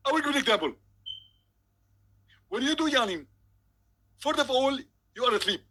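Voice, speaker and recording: A man's voice: very high-pitched, big pitch swings, normal speed, bright, forceful tone, pitched above the performer's own voice, heavily acted. A man voicing a smug, insistent male preacher on a call, talking emphatically and pompously. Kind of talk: comedic impression.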